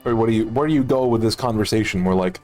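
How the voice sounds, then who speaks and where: A man's voice: fairly low pitch, fast, darkish tone, soft background music. A man narrating as game master in a loose, casual way. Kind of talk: narrating a tabletop game over voice chat.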